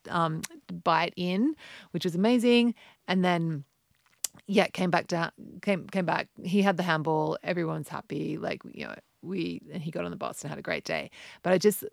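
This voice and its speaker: A woman's voice: fairly low pitch, creaky, dry recording, studio quality. A woman in her thirties telling a rambling story to her followers, often restarting her sentences. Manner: rambling, self-correcting storyteller. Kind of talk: casual talk to camera.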